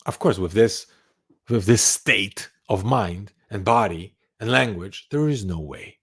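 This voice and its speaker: A man's voice: fairly low pitch, expressive, measured pace, fairly bright tone, slightly rough. A man talking to camera as the host of an advice channel, insisting on his points and repeating key phrases. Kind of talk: motivational talk to camera.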